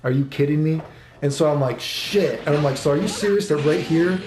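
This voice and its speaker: A man's voice: a little high, brisk. A man giving casual commentary on a fighting game while playing, rambling, swearing often and quoting his own thoughts. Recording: echoey room with music behind.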